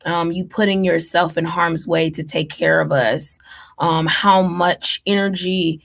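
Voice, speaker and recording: A woman in her thirties speaks slowly and earnestly to her live-stream viewers, stringing her thanks together in long lists with frequent ums. Her low voice has a gravelly, creaky texture. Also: fairly even intonation, a bit bright. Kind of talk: heartfelt live-stream address.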